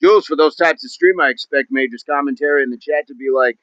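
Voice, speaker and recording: A man's voice: on the high side, quick pace, fairly bright tone, no echo, lo-fi sound. A man hosting a fitness livestream, chatting to his viewers in an upbeat, rambling, jokey way. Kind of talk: casual livestream chat to viewers.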